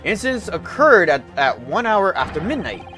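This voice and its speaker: A man's voice: high-pitched, sing-song, normal speed, bright, forceful tone, soft background music, full character voice. A man voicing an earnest young male defense lawyer, reading with halts and restarts.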